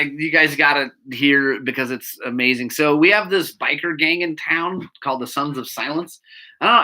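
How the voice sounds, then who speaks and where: Bright-voiced man rambling through a story. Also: medium pitch. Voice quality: laughs often while telling stories, bleeps his own swearing. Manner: animated, rambling, self-interrupting anecdote teller. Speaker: bike shop owner and show host. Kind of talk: casual storytelling to a live audience.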